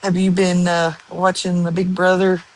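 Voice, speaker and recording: A woman's voice: fairly low pitch, monotone, rough recording. A woman chatting casually and rambling to viewers on a live stream. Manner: slow, rambling, with many ums and likes.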